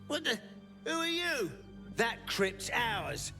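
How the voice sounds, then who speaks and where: A man's voice: very high voice, sing-song, slow pace, sharp tone, exaggerated voice. An actor playing a small, surly male bandit, in a game. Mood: scornful. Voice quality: gravelly, contemptuous. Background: game music.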